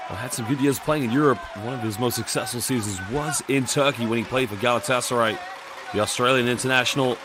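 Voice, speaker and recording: A man doing live play-by-play commentary on a basketball game, calling the action briskly and reading out viewer chat messages between plays. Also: medium pitch, noisy background.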